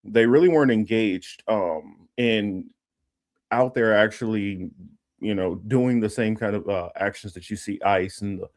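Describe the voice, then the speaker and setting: A man with a lowish voice hosting a casual political livestream. He rambles with lots of ums and restarts, breaking off to read news items aloud. The sound is dry and close, with no room around it. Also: a little slow, no room sound. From Los Angeles area. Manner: rambling, many fillers and restarts; reads news text aloud. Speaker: political commentary host.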